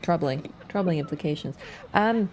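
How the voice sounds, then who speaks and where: Woman, livestreamer, casual game commentary, animated up-and-down delivery, chatty, swears. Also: sits low, normal speed. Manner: chatty, swears freely, laughs, answers chat.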